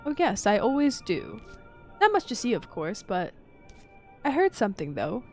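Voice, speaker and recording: A woman's voice: mid-range voice, huge pitch swings, moderate pace, darkish tone, faint music behind. A woman voicing an aloof older English lady with a languid, haughty drawl.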